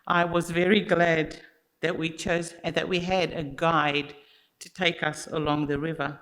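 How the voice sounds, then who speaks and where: A speaker telling a story at a church service, in an unhurried, expressive way and talking straight to the listeners. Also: mid-range voice, poor audio. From Australia. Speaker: children's story teller at church.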